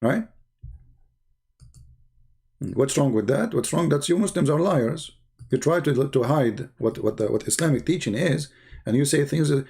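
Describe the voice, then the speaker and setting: A man's voice: mid-range voice, moderate pace, warm tone. A man with giving mocking, sarcastic commentary on video clips. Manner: sarcastic, repeats words for effect, non-native phrasing.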